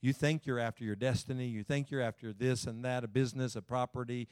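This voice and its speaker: A male pastor preaching a sermon in a conversational way, swinging between emphatic lines and hushed, quiet ones. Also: mid-range voice, steady tone, quick pace, no room sound, studio quality.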